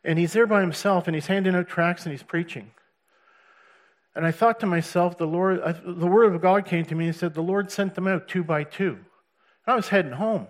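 A man's voice: high-pitched, moderate pace. A man giving a personal church testimony, telling his story earnestly with restarts and laughs.

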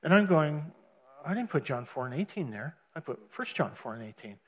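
A middle-aged man with a fairly high voice gives a personal faith testimony. He tells it as a story and builds to animated peaks. He slips into the voices of the people he quotes. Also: a little fast. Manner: storytelling, acting out quotes, chuckling, rising animated. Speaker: testimony speaker.

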